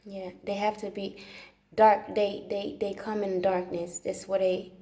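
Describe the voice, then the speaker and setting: A woman sits in a dark room at home and talks in a loose, rambling monologue, swearing freely and circling back over her words for emphasis. Her voice sits in an ordinary middle range. The room gives her voice a clear echo. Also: medium pitch, level tone, unhurried. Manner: profane, repetitive, emphatic. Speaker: livestream host.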